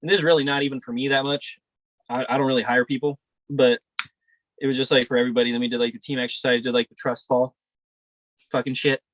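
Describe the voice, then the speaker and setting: A man's voice: mid-range voice, level tone, fast, long pauses, a bit bright, dry recording. A young man co-hosting a podcast, telling a rambling, profane story in casual chat. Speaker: podcast co-host.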